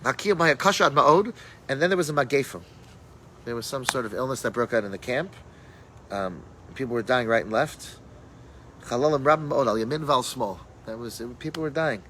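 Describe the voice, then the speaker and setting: A man's voice: medium pitch, brisk, fairly bright tone, a little hiss or hum, rough recording. A man, a rabbi, teaching a casual Torah class and telling stories sprinkled with Hebrew and Yiddish terms, thinking aloud as he goes. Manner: thinks aloud with fillers and restarts.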